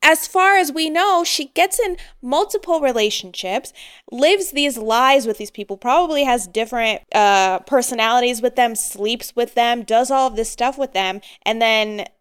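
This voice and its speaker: A woman co-hosts a casual film podcast in a smooth, clear voice pitched a little high. She talks animatedly and acts out characters' lines as she goes. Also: moderate pace. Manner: animated, acts out quotes, laughs. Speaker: podcast co-host.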